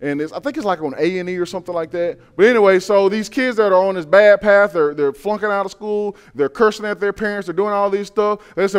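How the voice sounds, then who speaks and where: Animated high-voiced male preacher. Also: quick pace, clean tone. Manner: animated, acts out quoted voices; many repeated word restarts. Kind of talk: sermon.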